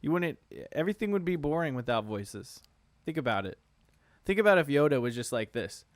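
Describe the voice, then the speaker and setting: A man hosts a casual nerdy podcast, laid-back and quick to laugh. His voice is smooth and clear, recorded close and dry with no room sound. He swears casually as he chats. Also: a little high, very animated, no echo. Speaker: podcast host. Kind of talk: casual chat.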